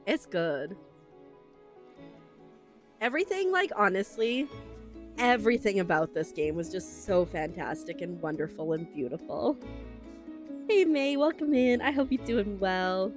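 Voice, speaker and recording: A woman's voice: medium pitch, lively intonation, measured pace, pauses often, faint music behind. A young woman streaming a game, chatting casually to viewers in a gushing, emotional way with lots of fillers, close on a desk microphone. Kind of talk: casual livestream chat while playing.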